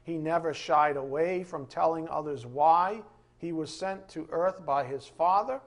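A man's voice: on the high side, unhurried. A man preaching a sermon in an emphatic style, firing off rhetorical questions.

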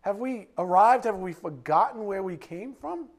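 A man preaching a sermon, firing blunt rhetorical questions and swinging between loud emphasis and quiet asides. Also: high voice, expressive, moderate pace.

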